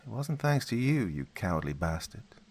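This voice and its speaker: A man voicing a wife in a spoken story, raising his voice into a soft, sweet tone. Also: on the low side, sing-song, normal speed, voice pushed up. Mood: sweet, bitter. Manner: soft and sweet turning accusing.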